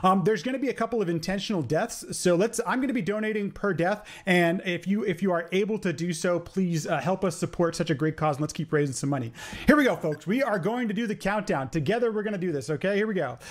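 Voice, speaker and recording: A man's voice: high voice, expressive, fast. A man giving upbeat, chatty live commentary on his speedrun, explaining as he plays. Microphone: quiet home streaming mic. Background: game music.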